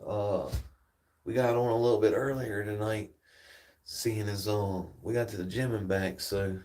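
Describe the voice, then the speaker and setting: A man with a drawl holds court on his own livestream, rambling loosely from one tale to the next and swearing without a second thought. His voice sits on the low side and sounds a bit distant from the mic, as if he's talking to a phone set up a few feet away outside at night. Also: fairly even intonation, unhurried, a little mellow. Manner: laid-back rambling storyteller, swears freely. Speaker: livestream host. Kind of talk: casual livestream chat.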